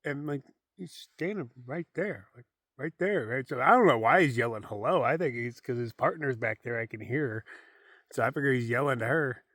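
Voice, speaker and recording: A man's voice: mid-range voice, expressive, moderate pace, a bit bright, no echo. A man vlogging casually outdoors from his hammock camp, rambling and self-deprecating, often trailing off into a mumble. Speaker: solo thru-hiker vlogger. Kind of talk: casual outdoor vlog monologue.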